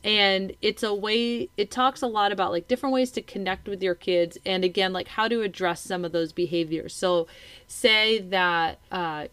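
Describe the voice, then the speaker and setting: A mother in her thirties co-hosts a casual podcast chat in a lowish, smooth voice with no room sound. She talks animatedly and acts out the lines of kids and parents.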